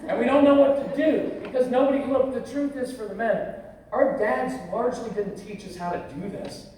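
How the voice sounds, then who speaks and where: This man, in his fifties, speaks with an extremely high pitch, steady tone, moderate pace and mellow quality as he gives a live parenting workshop, telling stories, acting out quotes and joking with the crowd. The large convention hall sounds echoey, the mic is far off, and there's slight background noise.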